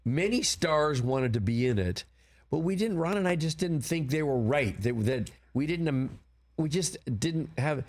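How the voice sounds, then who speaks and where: An older man being interviewed in a studio, with a voice of middle pitch. He tells long, rambling stories and brings them to life when he quotes people. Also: a little slow. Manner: rambling anecdotes, animated quoting. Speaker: film producer, guest. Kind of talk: casual interview storytelling. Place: broadcast studio.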